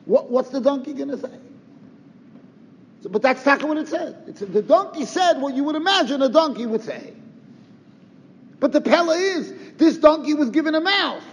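A man's voice: very high voice, lively intonation, normal speed, long pauses. A man giving a Torah lecture, firing off rhetorical questions and sprinkling in Yiddish and Hebrew terms. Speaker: Torah teacher. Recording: roomy reverb, dull lo-fi sound, faint noise.

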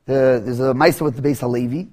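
A man telling a teaching story, often halting, repeating words and restarting. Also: mid-range voice, steady tone, dark tone. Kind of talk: storytelling lesson.

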